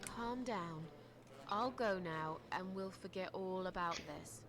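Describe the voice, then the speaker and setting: A woman's voice: on the low side, takes it slowly, over music. An actress playing a troubled widow who talks a threatening man down, carefully and placatingly, in a game. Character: troubled widow, wary, pleading calm.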